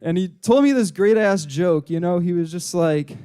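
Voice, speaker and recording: A man's voice: sits high, animated, normal speed, mellow, smooth. A young man doing open mic stand-up comedy on a club stage, rambling and crude, with constant filler words. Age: young adult. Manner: rambling, crude, heavy "you know" fillers; puts on voices for joke characters.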